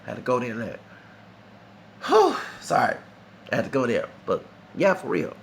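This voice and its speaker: A man's voice: mid-range voice, sing-song, racing, gravelly, a little hiss or hum. A man reviewing a concert in a vlog, talking in a heated, rambling and profane way. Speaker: vlogger.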